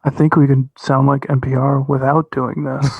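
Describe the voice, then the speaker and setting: A man's voice: medium pitch, level tone, moderate pace, vocal fry, darkish tone, slightly rough, dry recording, muffled recording. A man co-hosting a podcast in casual chat, rambling and joking and swearing freely. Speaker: podcast co-host.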